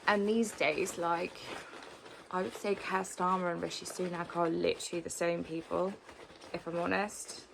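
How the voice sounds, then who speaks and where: Chatty woman in her thirties, gravelly tone. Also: fairly low pitch, little pitch movement, moderate pace, background noise. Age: 30s. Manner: chatty, frequent "like" fillers, drops to whispers. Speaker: vlogger answering follower questions. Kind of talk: casual chat.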